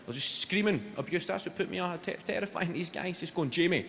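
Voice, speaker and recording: A man's voice: high voice, a little fast, creaky, a little hiss or hum. Sweary young Scottish man on stage. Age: young adult. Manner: crowd banter, sweary and teasing. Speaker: stand-up comedian. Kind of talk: live stand-up routine. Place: large theatre stage, indoors. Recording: roomy live hall with loud crowd.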